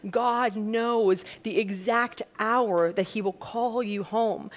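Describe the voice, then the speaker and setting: A woman's voice: fairly high pitch, slow pace. Conversational woman preaching a sermon. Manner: conversational, plain-spoken, repeats key points; lively, acts out quotes in a mock-panicked voice.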